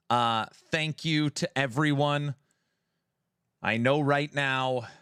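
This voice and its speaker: A man hosts a casual live stream, joking around and greeting viewers one by one. He talks at an unhurried pace with a bright, crisp voice. The sound is dry and close, as from a desk microphone. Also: medium pitch, dry recording.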